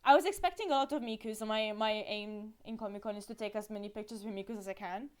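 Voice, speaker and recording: A woman giving a casual live-stream recap, animated and giggly, with frequent fillers. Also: mid-range voice, fast talker.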